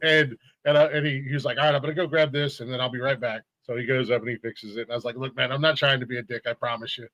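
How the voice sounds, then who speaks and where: A man's voice: medium pitch, flat delivery, very fast, hardly any pauses, a bit bright, highs cut off. A middle-aged man, co-hosting a casual podcast and telling heated, profane stories with bursts of laughter. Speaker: podcast co-host. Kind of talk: casual chat.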